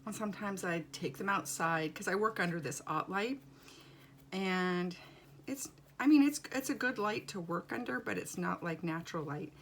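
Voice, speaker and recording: Woman, low and gravelly, rambling wry chatter while working, home studio. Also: normal speed, fairly bright tone, a little hiss or hum. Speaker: doll artist. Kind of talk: casual chat while working.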